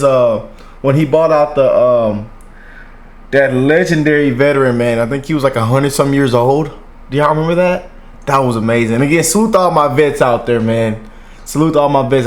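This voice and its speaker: A man in his thirties talks casually to his viewers while he reacts to a video. He rambles, restarts his thoughts and keeps tacking "man" onto the end of his lines. His pitch sits at an ordinary middle height, and the tone stays heartfelt and unpolished.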